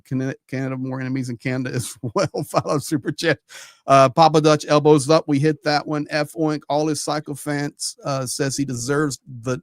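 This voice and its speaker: A man hosting a live stream, chatting casually and reading out viewer messages with quick asides. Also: fairly high pitch, dry recording, studio quality. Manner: chatty, rambling, reads out names with quick asides. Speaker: livestream host.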